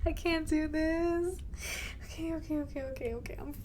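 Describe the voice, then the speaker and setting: High-voiced woman streamer, jittery. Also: fairly even intonation, normal speed, dark tone, slight background noise. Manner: reads on-screen game text aloud, breaking into nervous laughter. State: anxious and jumpy. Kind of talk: horror game let's play. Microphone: headphones with mic.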